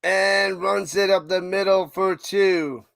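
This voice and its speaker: A man's voice: high-pitched, fairly even intonation, slow pace, gravelly, fairly bright tone, dry recording, clean studio sound. A man with a New York accent, hosting a live watch party with casual play-by-play commentary and chatting with viewers between plays. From United States. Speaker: livestream watch-party host doing play-by-play.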